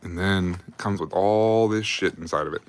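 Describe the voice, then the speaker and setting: A man's voice: low voice, normal speed. A young adult man telling army stories on a livestream in a casual, rambling, profane way, laughing often. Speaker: livestream host.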